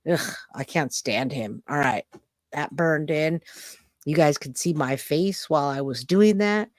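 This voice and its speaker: A woman hosting a casual livestream chat, blunt and animated, with loud outbursts of disgust and warm thanks to her viewers. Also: low-pitched, dry recording, studio quality. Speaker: livestream host.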